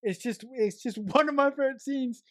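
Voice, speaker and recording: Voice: high-pitched, brisk, dry recording. A podcast co-host sharing film trivia in a rambling, restart-filled casual chat. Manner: rambling with restarts, shares trivia, shouts quoted lines.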